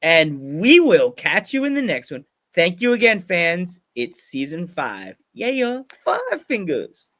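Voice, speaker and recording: A man's voice: fairly high pitch, unhurried, hardly any pauses. Rambling, joking podcast host, a man. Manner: rambling, joking, laughs often, animated voices in quotes. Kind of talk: casual interview chat.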